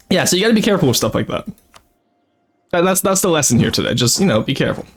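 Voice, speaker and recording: Young male streamer, rambling casual game chatter, animated delivery. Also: a little high, fast talker, background noise. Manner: chatty, rambling, laughs often, talks to chat. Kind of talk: casual gameplay commentary.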